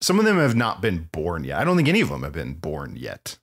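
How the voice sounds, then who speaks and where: A man co-hosting a podcast, chatting casually about a movie with animated, opinionated remarks and frequent laughs. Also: deep voice, a little fast. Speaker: podcast co-host. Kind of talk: casual movie-review chat.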